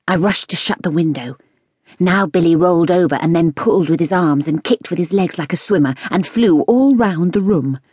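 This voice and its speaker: A woman narrating a children's storybook in a lively, expressive reading. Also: on the low side, husky, dry recording, clean studio sound. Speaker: audiobook narrator.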